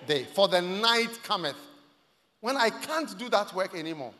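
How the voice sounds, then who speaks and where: A man preaching a sermon to a congregation, dropping to hushed asides and rising to loud shouts. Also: high voice, lively intonation, measured pace, slight background noise. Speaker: pastor. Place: large church hall. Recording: long hall reverb.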